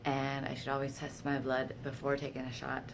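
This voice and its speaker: A woman's voice: rumbling low, fairly quick, vocal fry, background noise. A woman vlogger telling candid, self-deprecating personal stories in a casual way. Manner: candid, self-deprecating, animated when quoting herself. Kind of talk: casual storytelling to camera.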